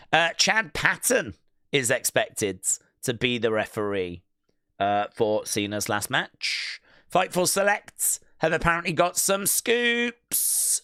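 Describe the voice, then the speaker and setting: A man's voice: medium pitch, pushed and bright, clear, resonant tone, dry recording, studio quality. A man hosting a live wrestling watch-along stream, chatting casually and reading news items aloud to viewers. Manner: chatty, musing aloud with filler words.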